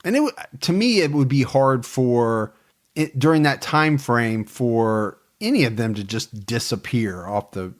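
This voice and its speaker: A man hosting a true crime podcast in casual chat, talking things through and quick to laugh. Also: medium pitch, expressive. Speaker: podcast host.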